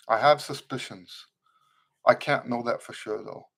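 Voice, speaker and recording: A man's voice: medium pitch, unhurried, gravelly. A man teaching trumpet in an unscripted live-stream Q&A, earnest and instructive, repeating key phrases for emphasis and greeting viewers as they comment. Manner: reads viewer comments aloud and greets them.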